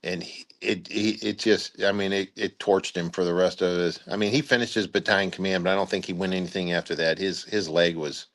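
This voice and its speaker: An older retired army general telling stories in an interview, rambling with restarts and acting out quotes loudly. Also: male voice, low-pitched, steady tone, fairly quick, hardly any pauses. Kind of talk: storytelling interview.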